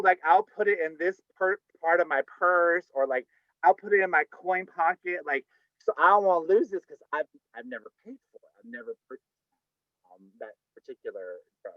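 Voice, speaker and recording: A man's voice: fairly high pitch, no echo. An older man telling a camp, chatty personal story at a live storytelling night over a video call. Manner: campy, chatty, says "honey, okay?" often. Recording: dull, dry video call audio.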